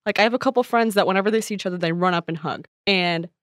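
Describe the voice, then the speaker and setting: A woman co-hosts a casual podcast and reads listener questions out loud. She laughs at her own stumbles and fills the talk with self-deprecating asides. Her voice is recorded dry and close. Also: mid-range voice, very fast, dry recording. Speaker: podcast co-host.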